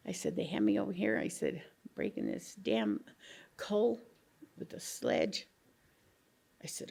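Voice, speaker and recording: A woman's voice: mid-range voice, big pitch swings, unhurried, pauses often, a little mellow. An older woman, a retired coal miner, telling earthy stories in an oral history interview, swearing freely and laughing often. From Colorado. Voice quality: gravelly, husky.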